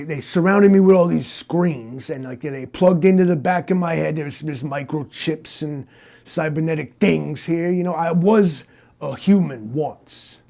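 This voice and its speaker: A man voicing a brash Soviet cyborg who poses as a tough big-city detective, talking in a gruff, condescending way. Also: on the high side, dark tone. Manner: boastful, condescending, tough-guy talk. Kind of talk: improvised comic interview.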